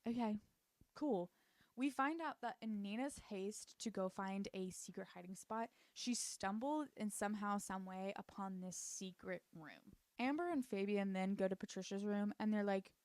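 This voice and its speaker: A woman's voice: medium pitch, no echo. A woman casually recapping a TV show for her channel, sarcastic and swearing freely. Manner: sarcastic, swears freely, slips into quick character voices. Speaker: YouTube recap commentator.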